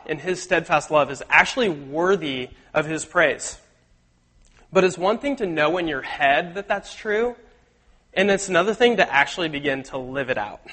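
A man's voice: on the high side, moderate pace. Man preaching in a reverberant hall. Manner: conversational, animated, acts out quotes. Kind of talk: sermon.

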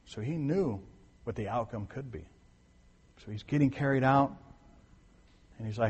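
A man's voice: mid-range voice, normal speed, long pauses, slightly rough, big-room sound. A man preaching a sermon in a conversational way, repeating his points for emphasis and restarting sentences. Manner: restarts and corrects himself mid-sentence. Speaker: pastor.

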